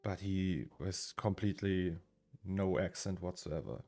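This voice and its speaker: With a low-pitched, warm voice, a German man in his thirties speaks unhurriedly during a casual live stream. He rambles, reads chat names out loud and chuckles frequently. Faint music can be heard in his home studio.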